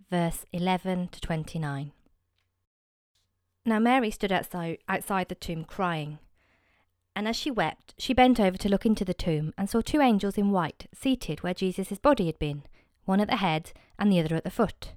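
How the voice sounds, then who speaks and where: A woman reading scripture aloud in a service, measured and expressive, with dramatic emphasis. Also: lowish voice, dry recording, clean studio sound. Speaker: scripture reader.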